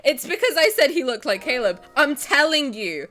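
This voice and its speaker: A woman streaming a game, talking casually with her chat, swinging from loud squeals to quiet mutters. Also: sits high, very animated, moderate pace, soft background music.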